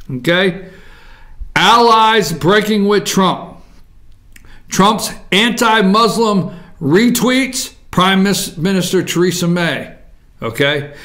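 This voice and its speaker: Combative, high-pitched talk host. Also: male voice, a bit bright. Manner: combative, repetitive, drawn-out mocking emphasis. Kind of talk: political commentary show.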